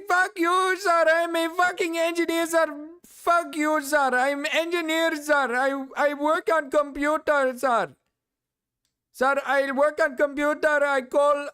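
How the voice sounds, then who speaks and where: A man's voice: pushed and bright, full character voice. A man putting on a mocking voice as a pushy, insulting male scam caller. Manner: high mocking put-on voice, insults.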